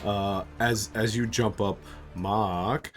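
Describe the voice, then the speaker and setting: A deep-voiced man runs a tabletop game and narrates with loose, chatty asides. His speech is full of ums and restarts. Soft music plays underneath. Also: takes it slowly. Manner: relaxed, chatty, with filler words. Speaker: game master.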